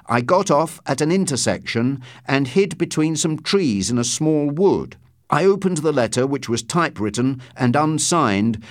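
A man reading a story aloud as narrator, in a steady, measured storytelling voice. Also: medium pitch, no echo, studio quality. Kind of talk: scripted audiobook narration.

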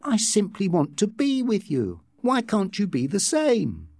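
A man voicing a headstrong, impatient young woman in love, with drawn-out, pleading delivery, in a read-aloud story. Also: mid-range voice, wildly swooping pitch, mellow, slightly rough, no room sound, voice pushed up, heavily acted. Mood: yearning.

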